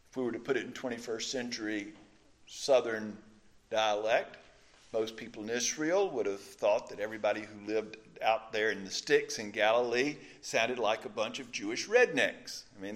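A middle-aged man from the Mississippi coast with a Mississippi accent, preaching a conversational sermon with folksy stories and filler pauses. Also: lowish voice. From Mississippi Gulf Coast. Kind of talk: sermon teaching with folksy anecdotes.

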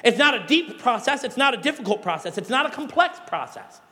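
His pitch extremely high and his pace a little fast, a man leads a sermon in a spacious-sounding room. As pastor, he mixes lively storytelling with forceful calls for his congregation to act.

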